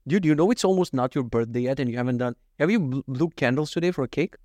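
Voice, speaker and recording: A man's voice: mid-range voice, fast, warm tone, no echo, clean studio sound. A man in his thirties telling stories in a casual chat, laughing and swearing, going off on tangents. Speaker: vlogger.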